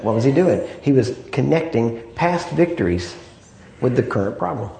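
A man's voice: mid-range voice, lively intonation, normal speed, vocal fry, warm tone. A man preaching a sermon in an easy, conversational way, often asking "Amen?" and "right?" to draw agreement. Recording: echoey room.

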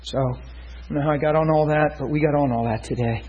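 A man's voice: a little high, fairly even intonation, a little fast, darkish tone, husky, highs cut off. A man preaching a storytelling sermon, acting out the dialogue with laughter.

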